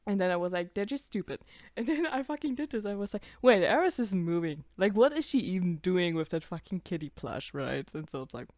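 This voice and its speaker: A woman's voice: on the low side, animated, quick pace, hardly any pauses, darkish tone, no echo, clean studio sound. A young woman casually reacting to her own old videos, swearing, laughing and putting on voices for the characters.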